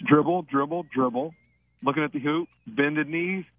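An excitable man calls free throws shot by shot in play-by-play style. His fairly high voice comes through a dry, dull phone line. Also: normal speed, dry recording. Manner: excitable, breathless narration. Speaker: radio show regular. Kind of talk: play-by-play commentary.

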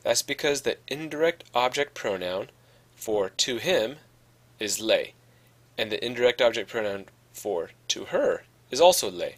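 A man's voice: mid-range voice, lively intonation, measured pace. A man teaching a Spanish grammar lesson, explaining patiently and often checking in with "okay". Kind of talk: podcast lesson.

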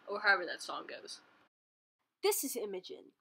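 An artist showing her drawings jokes about them in a medium-pitched, sing-song voice that's gravelly, husky, pushed and bright, at normal speed. Her playful comedic commentary is full of goofy asides, silly put-on voices and bits of song.

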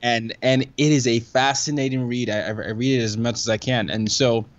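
A man speaks as a podcast guest, eager and quick to laugh, often restarting his sentences. His voice sits at an ordinary pitch. The audio is dull and lo-fi, like a remote call. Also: steady tone. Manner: enthusiastic, frequent restarts and laughs. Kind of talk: casual conversation. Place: New York.

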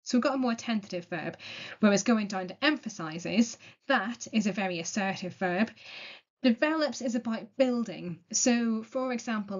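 A woman teaching an essay-writing lesson, explaining step by step in a clear, methodical and encouraging way. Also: mid-range voice. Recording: dull lo-fi sound.

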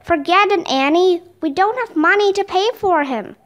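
A woman's voice: very high-pitched, a bit bright, highs cut off. A woman doing a worried young boy. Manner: anxious and hurried.

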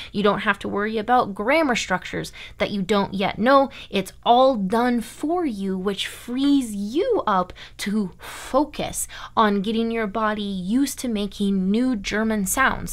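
A woman from Iowa, teaching German online in an emphatic, chatty way that keeps checking in with "okay?". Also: mid-range voice. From Iowa, USA. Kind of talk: online language lesson.

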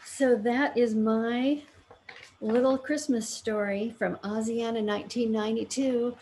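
A woman reading a children's story aloud, with gentle, measured storytelling. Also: a little high, steady tone, a little hiss or hum, low-quality recording. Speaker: story reader for a fan club.

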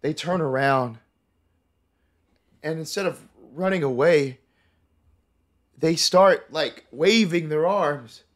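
A man running a tabletop horror game as game master, narrating in a relaxed, conversational way with fillers. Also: a little high, slow, pauses often.

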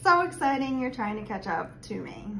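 A woman's voice: high voice, sing-song, moderate pace, vocal fry, background noise. A woman giving a chatty birthday message and telling a funny story about a friend. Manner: chatty and laughing. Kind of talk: casual storytelling tribute.

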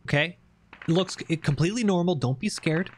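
A man giving lively, joking play-by-play commentary over tactical shooter gameplay as the channel host. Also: fairly high pitch, fast talker, slight background noise.

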